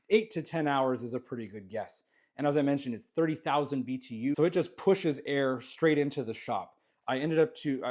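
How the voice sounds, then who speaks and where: A man from Canada walks through his small home jewellery workshop and talks as he goes. His voice sits in an everyday middle range. He rambles, restarts and fills the gaps with "uh" and "um". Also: medium pitch. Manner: relaxed, rambling, many fillers and restarts. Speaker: jewellery maker giving a studio tour. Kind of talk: casual walkthrough vlog.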